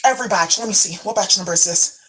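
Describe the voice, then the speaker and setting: A woman's voice: medium pitch, fast talker, a bit bright, rough recording. A woman vlogging a rambling, conspiratorial monologue, cursing freely and filling her talk with "like" while holding up beauty products. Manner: profane, rambling, full of "like" fillers; conspiratorial, jumps between topics while showing products.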